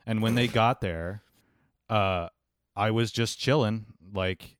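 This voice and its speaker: A man in casual conversation, making measured, hedged arguments and telling stories. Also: on the low side, dry recording, clean studio sound. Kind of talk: casual chat. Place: New York.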